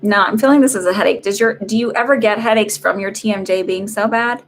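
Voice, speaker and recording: Her voice is mid-range and fast, with a little background noise behind it. She's a psychic medium doing paid live readings on a stream, chatting loosely and often restarting or filling pauses.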